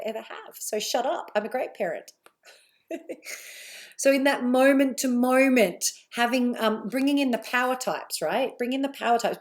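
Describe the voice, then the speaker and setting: British lady coaching live online, candid, chatty, lots of asides. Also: mid-range voice.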